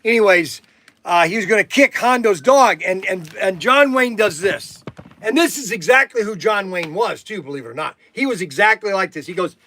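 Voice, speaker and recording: A man's voice: sits high, lively intonation, normal speed, sharp tone. A middle-aged man hosting a livestream from a warehouse, chatting casually and telling folksy stories full of fillers and restarts. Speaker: livestream host. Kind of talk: rambling casual livestream chat.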